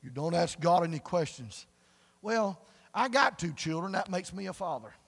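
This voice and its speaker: A middle-aged man, preaching a sermon in a folksy storytelling way that swells to loud emphatic preaching. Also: high voice, lively intonation, moderate pace, gravelly, slightly rough. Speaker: pastor. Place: church sanctuary. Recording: long church reverb.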